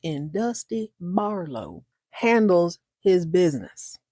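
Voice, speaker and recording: Brief: woman recapping TV episodes, animated and slangy, low voice. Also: slow pace, dry recording, studio quality. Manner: animated, slangy, joking asides. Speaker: podcast host.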